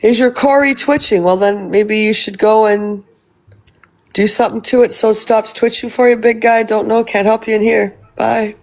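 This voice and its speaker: A woman's voice: a little high, fairly even intonation, normal speed, darkish tone. Blunt, rambling, foul-mouthed woman streamer. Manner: blunt, rambling, swears a lot. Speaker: live streamer. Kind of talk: casual live-stream chat reading comments.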